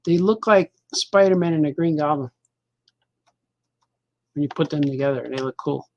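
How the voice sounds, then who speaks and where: A man's voice: a little high, moderate pace, a little mellow, highs cut off. Rambling middle-aged male cartoonist. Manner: loose, joking, talks to himself. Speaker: cartoonist and podcast host. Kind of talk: casual rambling chat while drawing.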